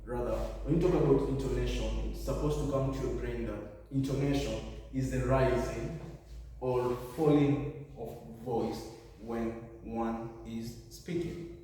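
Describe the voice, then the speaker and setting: The teacher, a Kenyan man, speaks at medium pitch with fairly even intonation and a warm, unhurried delivery. He takes his revision lesson step by step, correcting himself often. The audio is echoey and distant, with slight background noise.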